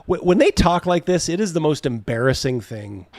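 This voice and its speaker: A man's voice: a little high, very animated, normal speed, darkish tone, no echo. A man hosting a livestream, reacting to clips with rambling talk, crude jokes and frequent laughter. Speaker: host. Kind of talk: casual livestream reaction chat.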